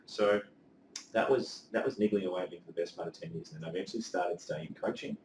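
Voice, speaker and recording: A man, telling his story as a life coach in a casual interview, earnest and animated, with casual swearing. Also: sits low, fast talker, background noise. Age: 30s. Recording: echoey room, mic at a distance.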